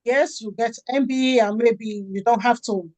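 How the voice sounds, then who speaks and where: A middle-aged woman from Nigeria, a charity founder and author, talking in an interview and acting out the dialogue in her stories with lively energy. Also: a little high, moderate pace, no room sound. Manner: animated storytelling, acts out quoted dialogue. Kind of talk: conversational interview.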